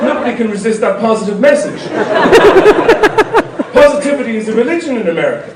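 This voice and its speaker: An Irish comedian in middle age works through a stand-up set in a large concert hall before an audience, rambling wryly at a quick, expressive pace. His fairly high voice erupts into sudden loud bursts now and then. The sound is roomy and somewhat distant, caught across the big hall with noise behind him.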